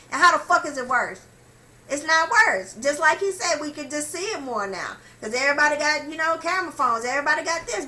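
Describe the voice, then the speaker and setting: A woman with a high, bright voice vents to camera in a heated vlog rant. She is blunt and heavily profane and hammers her points by repeating them. She keeps calling out to her viewers directly. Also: poor audio. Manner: talks straight to viewers, calls them y'all. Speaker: vlogger. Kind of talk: impassioned opinion rant to camera.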